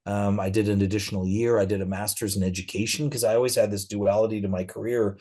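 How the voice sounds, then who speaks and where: Relaxed low-voiced man telling stories. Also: quick pace. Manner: relaxed storytelling with frequent fillers. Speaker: interview guest, physician. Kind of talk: conversational interview.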